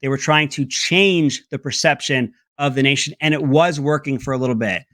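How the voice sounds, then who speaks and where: A man's voice: normal speed, a bit bright, dry recording, clean studio sound. A man hosting an opinionated political commentary segment, talking in a mocking, sarcastic way. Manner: mocking, breaks into high mimicking voices.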